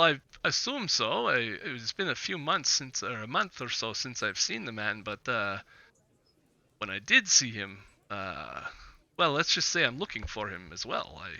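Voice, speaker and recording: A smug male merchant who talks down to others, stumbling over fillers as he schemes, as a game master puts him on. His voice is forceful and bright, with a lively, swooping pitch. It sounds dry and slightly dull, like lo-fi stream audio. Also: moderate pace, vocal fry, no room sound, exaggerated voice. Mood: evasive. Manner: hesitant, filler-heavy, patronizing.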